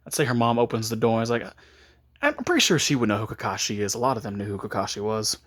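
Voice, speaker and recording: A man's voice: fairly low pitch, lively intonation, quick pace, a bit bright. A man casually making up and retelling a story, rambling with frequent restarts and chuckles.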